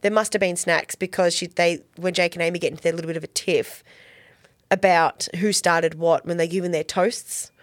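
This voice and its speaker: A woman's voice: fairly low pitch, steady tone, normal speed, no room sound, studio quality. A woman co-hosting a podcast, chatting casually and giggling as she recaps a TV episode and quotes the characters in playful voices. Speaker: podcast co-host. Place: cold home garage studio. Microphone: podcast microphone.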